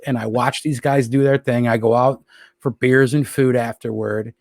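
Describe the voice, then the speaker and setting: A podcast guest from Rochester, New York tells long, profane stories in casual fashion, acting out the voices of the people he quotes. His voice is medium-pitched, creaky and a little mellow, moving at a normal speed. The recording is dry, with clean studio sound.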